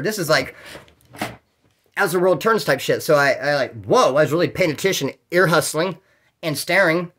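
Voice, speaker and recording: A man telling prison stories in a casual, animated way, swearing often and acting out other people's voices. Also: a little high, moderate pace. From California. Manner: animated, profane, acts out quoted voices. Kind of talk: casual storytelling.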